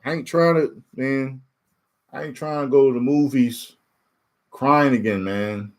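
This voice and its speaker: Casual spoiler talk comes from a man on YouTube whose voice is medium-pitched and measured. Reading questions from chat, he laughs frequently and animatedly, his volume swinging from loud to muttered.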